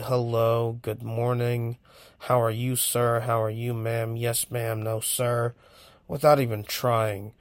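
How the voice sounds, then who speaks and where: A young Californian man with a gravelly, mid-range voice hosts a podcast, rambling bluntly through a casual monologue. He curses freely while telling stories, and the recording has no room sound.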